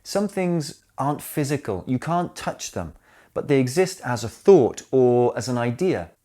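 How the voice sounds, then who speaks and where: A man narrating a scripted English grammar lesson, explaining slowly and clearly and speaking his examples aloud. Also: mid-range voice, very animated, dark tone. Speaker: English teacher.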